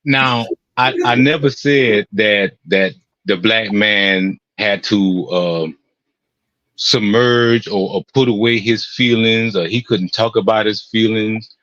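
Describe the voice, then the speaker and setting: Older guy talking earnest and emphatic, lowish voice, dull dry sound. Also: slow, fairly bright tone, dry recording. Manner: earnest, emphatic, repeats himself. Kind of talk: casual chat.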